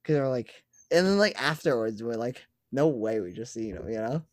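Excited young man telling a story. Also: mid-range voice, normal speed, no echo. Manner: excited storytelling, swears casually. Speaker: podcast co-host. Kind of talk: casual chat.

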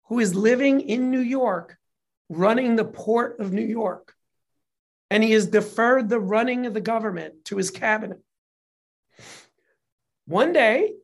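Profane, animated casual storyteller. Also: mid-range voice. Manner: gets emotional while telling it. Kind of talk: casual chat.

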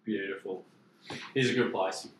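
Laid-back Australian podcast host. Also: male voice, low-pitched, steady tone, moderate pace. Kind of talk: casual banter. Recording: echoey room with faint background noise.

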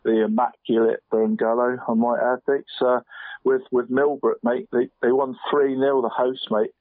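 A man's voice: medium pitch, flat delivery, normal speed, no echo. Chatty man saying mate constantly, tinny line. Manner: chatty, says "mate" constantly, laughs often. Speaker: co-host picking team of the week. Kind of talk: casual sports chat. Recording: dry tinny phone-line sound.

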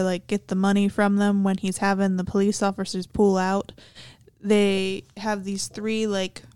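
Smooth-voiced woman chatting about movies. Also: mid-range voice, dry recording. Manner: animated retelling of scenes, quoting characters. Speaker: movie discussion panelist. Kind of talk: casual movie discussion.

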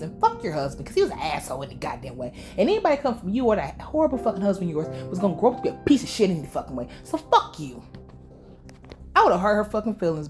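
A woman's voice: low-pitched, darkish tone. A young woman recapping a show in casual reaction commentary, with heated, profane, rambling rants.

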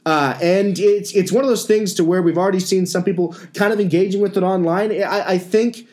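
A man's voice: sits high, fairly even intonation, a little fast, darkish tone. A man co-hosting a casual sports podcast, joking and stammering into restarts. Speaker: podcast co-host.

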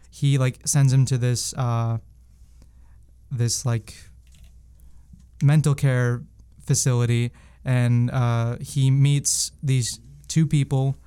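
Young male co-host, clear smooth voice, loose rambling delivery full of fillers. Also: mid-range voice, mellow. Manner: rambling, many fillers and restarts. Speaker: podcast co-host. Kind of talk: casual movie-review chat.

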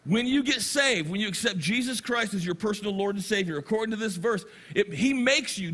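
A middle-aged man preaching from the pulpit, his voice high and bright. He tells stories and reads scripture with animated energy, drawing out key words slowly for emphasis. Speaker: pastor. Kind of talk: sermon.

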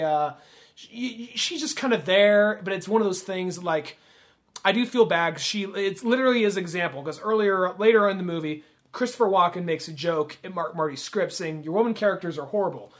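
A man's voice: sits high, normal speed, a bit bright. A man co-hosting a podcast, casually retelling movie scenes and acting out the characters' lines. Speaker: podcast co-host. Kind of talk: casual film discussion.

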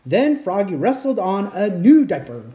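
A woman reading a children's picture book aloud at bedtime, expressive and playing out sound effects. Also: medium pitch, moderate pace. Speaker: storyteller. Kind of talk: bedtime story read-aloud.

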